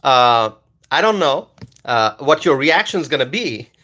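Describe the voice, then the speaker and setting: A man from Bangladesh, hosting a casual livestream and reading viewer comments aloud, animated and loud at times. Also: mid-range voice, measured pace. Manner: animated, loud at times, with many fillers and repeated words. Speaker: livestream host reading chat.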